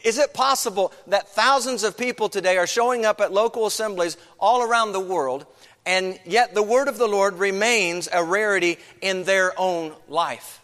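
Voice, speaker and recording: A man's voice: sits high, moderate pace, fairly bright tone, big-room sound. A man preaching a sermon as pastor, earnest, with many rhetorical questions.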